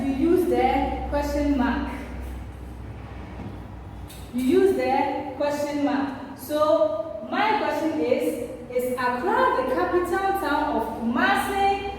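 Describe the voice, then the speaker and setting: High-voiced woman teaching in an echoey room. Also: darkish tone. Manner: slow, deliberate, stresses words for learners. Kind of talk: classroom language lesson. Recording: echoey room, distant mic, faint hiss.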